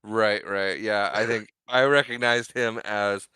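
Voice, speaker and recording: A man's voice: lowish voice, fairly even intonation, unhurried, bright, forceful tone, smooth, dry recording. A man co-hosting a podcast, recapping a film in casual, jokey chat. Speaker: podcast co-host.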